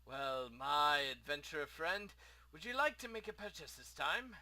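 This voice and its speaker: A man's voice: a little high, a little slow, pushed and bright. A man voicing a chatty, eager shopkeeper, reading game dialogue aloud.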